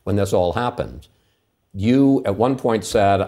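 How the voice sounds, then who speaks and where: Low-voiced older male interviewer. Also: animated, measured pace, warm tone. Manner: probing follow-up questions, direct. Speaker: interviewer, host. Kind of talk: broadcast interview.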